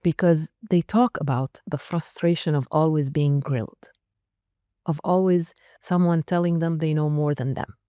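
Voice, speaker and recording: A woman's voice: low-pitched, fairly even intonation, moderate pace, mellow, smooth, dry recording. A woman around sixty, a school leader answering interview questions in an emphatic, direct way with short punchy phrases. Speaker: school academic leader, guest.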